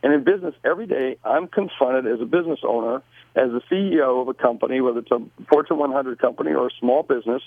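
An American man talks fast and brashly, with a gravelly edge that keeps catching in his voice. He restarts sentences over a tinny, dry phone line, like a guest calling in to a radio interview. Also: mid-range voice, dry recording. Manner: brash, energetic, repeats words as he starts sentences. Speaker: guest author and business owner. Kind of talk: casual interview talk.

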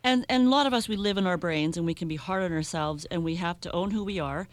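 A woman's voice: fairly low pitch, fast talker. A woman hosting a radio interview, asking guided questions and affirming her guest. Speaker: radio host.

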